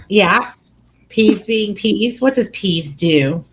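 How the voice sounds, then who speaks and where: Slow, lively woman podcast co-host. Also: medium pitch, noisy background. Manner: animated retelling with voices for characters. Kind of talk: casual book discussion.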